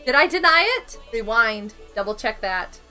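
Bubbly high-voiced woman streaming games. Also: normal speed, faint music behind. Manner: excitable, giggly, talks to chat. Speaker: live streamer. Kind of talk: casual gaming live stream chat.

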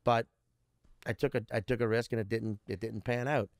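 A man's voice: mid-range voice, steady tone, normal speed, no room sound, clean studio sound. A man in his thirties, a comedian guest, telling rambling stories in casual interview chat and swearing constantly. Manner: heavy swearing, rambling storyteller.

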